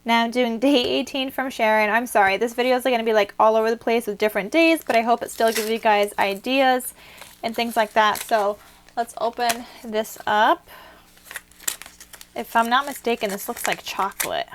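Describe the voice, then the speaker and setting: A woman's voice: on the high side, steady tone, moderate pace, a little hiss or hum. Chatty young woman gushing over crafts. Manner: chatty, gushing, many fillers. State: out of breath. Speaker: craft vlogger. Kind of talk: casual unboxing chat. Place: home craft room at a desk.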